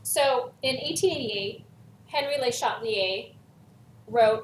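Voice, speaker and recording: A woman chemistry teacher with a slightly high voice explains a worksheet step by step, leaning hard on the words she wants remembered. She sounds set back from the mic in a reverberant room, with a faint hiss underneath. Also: slow pace, distant mic. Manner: stresses key words, repeats for emphasis. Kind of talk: recorded lesson walking through worksheet.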